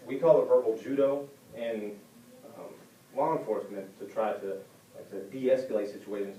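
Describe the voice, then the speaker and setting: A man giving an informal speech to his class, talking conversationally and acting out the people he quotes with sudden high-pitched voices. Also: warm tone, slight background noise. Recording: roomy classroom heard from a distant camera.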